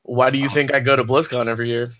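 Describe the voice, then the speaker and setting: A man's voice: medium pitch, little pitch movement, rapid-fire, a loud crowd. A man joining a casual video-call chat, joking and chatty. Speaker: participant.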